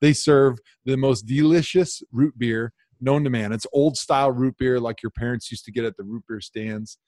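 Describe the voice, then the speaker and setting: A man co-hosting a casual podcast, from Wisconsin, telling stories with animated, mock-outraged energy. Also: mid-range voice, normal speed, no echo, clean studio sound. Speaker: podcast co-host.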